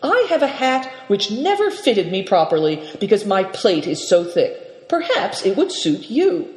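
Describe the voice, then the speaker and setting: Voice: medium pitch, wildly swooping pitch, a little slow, voice pushed up. A reader voicing a sly, genial old-world trader. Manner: bargaining, sly and courteous. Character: shrewd, jovial male trader host. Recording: reverberant, echoey room.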